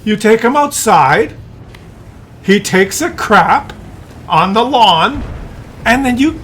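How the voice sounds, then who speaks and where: A man's voice: high voice, animated, slow, a bit bright, slight background noise. A man ranting in a rambling, profane monologue, full of fillers and restarts. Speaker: streamer.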